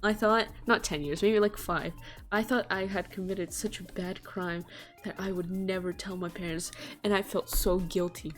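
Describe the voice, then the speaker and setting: A young woman streamer telling a childhood story on stream, acting out the voices with gasps and loud jumps. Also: mid-range voice, steady tone, normal speed, faint music behind.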